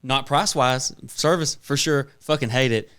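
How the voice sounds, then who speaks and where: A man, co-hosting a casual podcast and ranting with constant profanity and animated retellings. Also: mid-range voice, normal speed, smooth. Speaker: podcast co-host. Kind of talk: casual chat.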